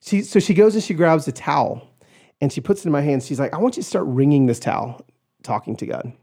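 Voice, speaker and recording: A man guest on a podcast, telling a personal story in an animated way and acting out the voices of others. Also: on the high side, fast. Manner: animated, acts out quoted voices, shouts in retelling.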